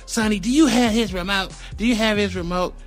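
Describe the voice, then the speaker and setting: A man puts on a middle-aged mother, angry and defensive, who scolds loudly in a raised voice. Her words come fast and indignant, and she stands up for her son. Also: high-pitched, soft background music, voice pushed up, natural voice. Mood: demanding.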